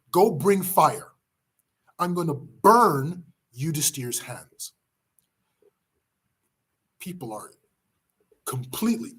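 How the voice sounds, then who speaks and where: A man teaching a class by retelling an epic story in a dramatic, emphatic way with pauses. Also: fairly high pitch, slightly rough. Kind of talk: storytelling lesson.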